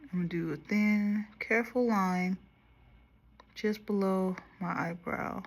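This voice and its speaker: A young woman casually chatting to her viewers while doing her makeup, going quieter as she concentrates. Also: medium pitch, fairly even intonation, slow. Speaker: makeup vlogger. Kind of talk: casual makeup tutorial chat.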